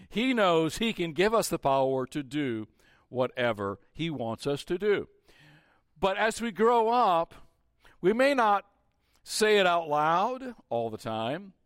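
A man's voice: sits high, no echo, studio quality. A man preaching a sermon as pastor, often asking the congregation questions and restarting his phrases. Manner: asks the congregation rhetorical questions; restarts phrases and repeats himself.

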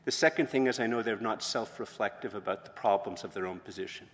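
A man, a pastor, preaching a sermon in a conversational way that rises to loud, emphatic proclamations. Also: lowish voice, fast. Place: church hall with long reverb. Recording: reverberant church hall.

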